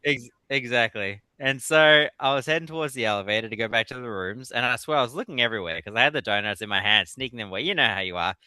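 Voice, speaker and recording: A man with a bright, crisp voice tells stories in a relaxed interview, laughing often through them. His voice is close and dry, with no room sound around it. He tells them animatedly. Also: medium pitch, quick pace, hardly any pauses, dry recording. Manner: animated storyteller. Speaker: guest author. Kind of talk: casual interview chat.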